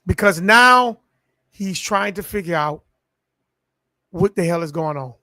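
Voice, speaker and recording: A man's voice: high voice, expressive, measured pace, pushed and bright, no room sound. A man preaching a sermon in call-and-response style, stretching words and building to peaks.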